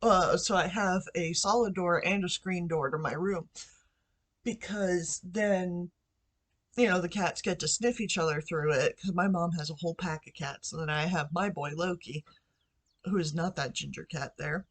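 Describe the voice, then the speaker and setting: A woman's voice: fairly low pitch, normal speed. A woman vlogging from her bedroom into a computer microphone, telling a story casually with lots of fillers and side remarks. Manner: rambling, chatty, with asides and fillers. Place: bedroom at home.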